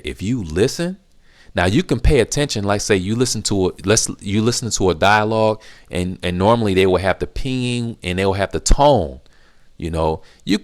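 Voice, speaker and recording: A middle-aged man hosting a casual question-and-answer video, giving emphatic advice that he repeats for stress. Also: lowish voice. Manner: emphatic, repetitive, animated when acting out reactions. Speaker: language-learning channel host.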